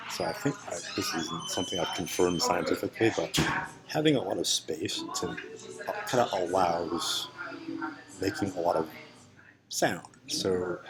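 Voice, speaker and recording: An American man with a neutral General American accent, teaching an English lesson at a relaxed, unhurried pace with many ums and restarts. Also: low-pitched, poor audio. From United States. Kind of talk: classroom microlesson.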